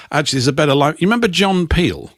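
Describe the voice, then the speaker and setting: Casting: middle-aged Englishman, dry rambling storyteller, lively pitch, close dry sound. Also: fast, no echo. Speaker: co-host. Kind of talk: casual chat.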